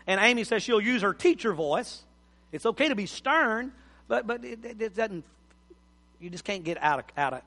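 A man, preaching a folksy sermon and repeating words when he presses a point. His voice is high and bright. The sound carries the long reverb of a church hall. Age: 50s. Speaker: pastor. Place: church sanctuary.

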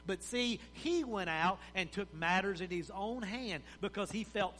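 A man preaching a sermon as pastor, folksy and animated, acting out the people in his story. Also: high-pitched, unhurried, hardly any pauses, long reverb tail, a little hiss or hum, low-quality recording.

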